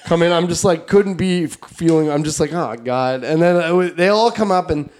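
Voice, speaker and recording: A man co-hosting a podcast, telling a long, animated anecdote in casual chat, full of fillers and laughter. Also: high-pitched, a little fast. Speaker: podcast co-host.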